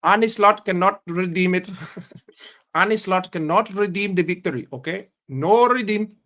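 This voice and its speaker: A man's voice: high-pitched, measured pace, a bit bright, pitched above the performer's own voice. A man putting on an Indian accent, playing a pushy phone-line caller who repeats himself insistently. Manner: clipped, insistent repetition.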